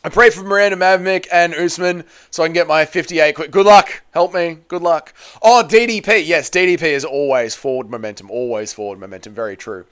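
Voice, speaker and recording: Smooth-voiced guy streaming. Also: fairly high pitch, fast, hardly any pauses, a bit bright. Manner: crude, teasing banter with frequent swearing. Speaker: livestream host. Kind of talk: casual watch-along chat, reading out viewer messages.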